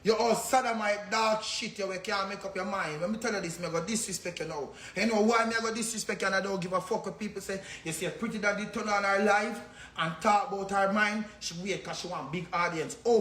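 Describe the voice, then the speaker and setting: A man's voice: high-pitched, sharp tone, echoey room. Angry Jamaican man ranting. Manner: angry, insulting, cursing, repetitive. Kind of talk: ranting on a phone livestream.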